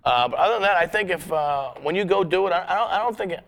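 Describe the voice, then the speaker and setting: A man, a stand-up comic guesting on a podcast, talks in a rapid, slightly raised voice. He rambles, swears a lot and stumbles over false starts as he tells his stories. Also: sits high, expressive, vocal fry, a bit bright. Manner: profane, rambling storyteller with many restarts. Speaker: guest comedian. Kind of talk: casual podcast chat.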